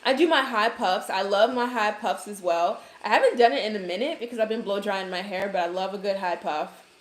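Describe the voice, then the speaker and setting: A woman's voice: medium pitch, fairly quick. Chatty Brooklyn woman on a roomy livestream. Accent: Brooklyn New York. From Brooklyn, New York. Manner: chatty, answers viewer comments with advice. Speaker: hair care vlogger. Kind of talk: casual livestream chat with viewers.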